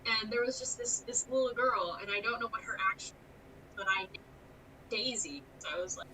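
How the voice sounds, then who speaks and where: Young woman, lively storytelling, bright voice, faint ambience. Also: a little high, brisk, distant mic, slight background noise, rough recording. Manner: animated storyteller, acts out quotes, frequent laughs. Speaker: guest, haunted attraction scare actor. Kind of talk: casual interview chat.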